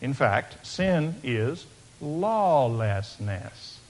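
A male pastor preaching a sermon, swinging from loud emphatic declarations down to hushed, quiet asides. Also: mid-range voice, very animated, drawn-out words.

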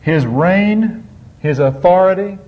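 A man preaching a sermon on a psalm, reading scripture slowly and drawing out key words with emphatic swings. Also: high voice, expressive. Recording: dull lo-fi sound.

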